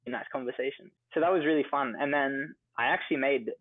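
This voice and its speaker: Speaking quickly at a medium pitch, this young Australian coffee entrepreneur chats through stories as an interview guest. He leans heavily on fillers such as "like" and "you know," and the dry recording has a phone-like quality.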